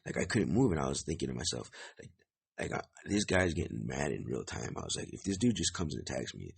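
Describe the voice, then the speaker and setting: A young man hosting a podcast, telling a story in a rambling, profane way with lots of fillers and a gravelly, husky voice. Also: extremely low pitch, very animated, fast talker. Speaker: podcast host. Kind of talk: casual storytelling monologue.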